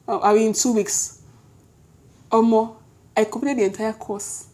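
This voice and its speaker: Chatty young Nigerian woman vlogging. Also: on the high side. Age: young adult. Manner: lively, chatty, quick self-corrections, Nigerian slang interjections. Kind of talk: casual storytelling to camera.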